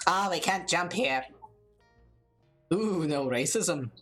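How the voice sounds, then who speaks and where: A woman's voice: on the low side, expressive, slow, a bit bright, husky, faint music behind. A woman hosting a let's play, chatting casually and reading game dialogue aloud in a giggly, self-mocking way.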